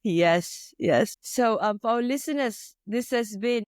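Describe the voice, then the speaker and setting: A woman's voice: on the high side, animated, slow pace, dry recording, clean studio sound. A woman hosting a podcast, wrapping up an interview with effusive praise and an inspirational sign-off. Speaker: podcast host.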